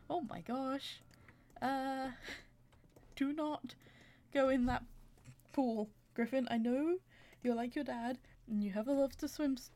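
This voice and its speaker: A woman's voice: on the high side, a little mellow, a little hiss or hum. A woman giving casual let's-play commentary, chatty and giggly, talking to her characters as she plays. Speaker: gaming channel creator.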